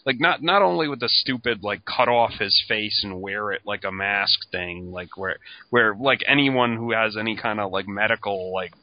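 A man in casual podcast chat, low-voiced and hesitant, with "like" dropped into almost every phrase. The recording sounds dull and lo-fi. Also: normal speed, dry recording. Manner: hesitant, heavy use of "like". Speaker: podcast co-host.

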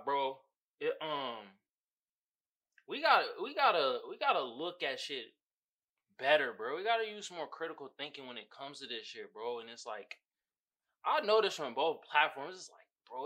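Male podcast host, animated casual monologue with a bright tone and lively pitch, slangy and profane. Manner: animated, swings from low muttering to loud exclaiming; slangy, profane, laughs at his own points. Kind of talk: casual solo commentary.

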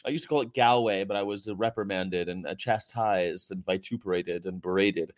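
A man with a deep voice and moderate pace hosts a casual livestream from a hotel room. As a vegan activist, he reads out viewer comments, sarcastic, joking and rambling.

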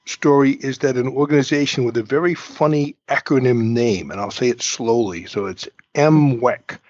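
A man's voice: mid-range voice, dry recording, muffled recording. Male host, informal explainer, dry close sound. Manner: chatty, informal, explains step by step with asides. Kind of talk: conversational explainer, interview intro.

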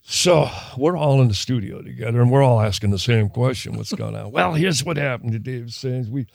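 A man's voice: medium pitch, a little fast, vocal fry, no echo, studio quality. An older man from Minnesota, a guest musician, telling a story in casual interview chat, with rambling, self-interrupting sentences and laughs.

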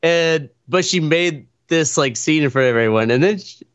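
A man co-hosts a podcast and tells a rambling story with animated energy, laughing and cursing freely. His voice sits fairly high. The sound is dry and a little dull and lo-fi. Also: moderate pace, clear, resonant tone, dry recording. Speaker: podcast co-host. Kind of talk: casual storytelling chat.

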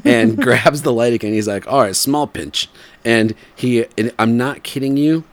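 A man in his forties telling a story in casual chat, rambling with fillers and laughing, and putting on animated voices when he quotes people. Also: medium pitch, normal speed, no room sound. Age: 40s.

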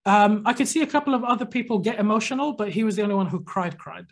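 A man's voice: high-pitched, fast talker, vocal fry. A man co-hosting a podcast, casually telling a long anecdote and acting out what people said. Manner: animated anecdotal storytelling, acts out quotes. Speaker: podcast co-host. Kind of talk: casual storytelling chat.

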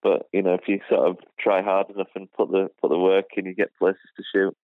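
A British man from the United Kingdom, a shooting channel creator, chats as a guest in a casual interview over a phone line. His voice is low and flat, fairly quick, and the recording is dry. He sounds hesitant, full of fillers and restarts.

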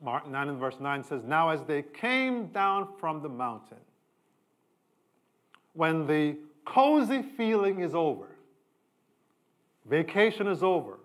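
A middle-aged pastor delivers a sermon in a somewhat high voice. His preaching is conversational, and his pitch and volume keep climbing and falling for emphasis. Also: sing-song, slow, long pauses.

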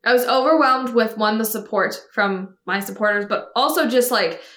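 A woman with a fairly high voice tells her story in relaxed, casual podcast talk. She slips into little voices to quote what others said. The room around her is echoey. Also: normal speed. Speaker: guest telling her story.

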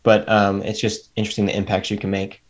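A man, a guest on the show, sharing his faith story in a reflective, halting way. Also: on the low side, monotone. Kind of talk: casual testimony chat.

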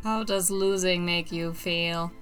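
A woman voicing an emotionless female android who speaks in flat, formal, literal sentences during a tabletop game. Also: on the low side, slow, soft background music. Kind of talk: tabletop role-play.

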